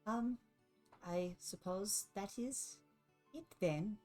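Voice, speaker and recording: A woman's voice: medium pitch, very slow, dark tone, soft background music, voice pushed up. A woman voicing a dainty young superhero girl who talks in a prim, affected, teasing way. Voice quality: prim, affected phrasing with a foreign-sounding "how you say".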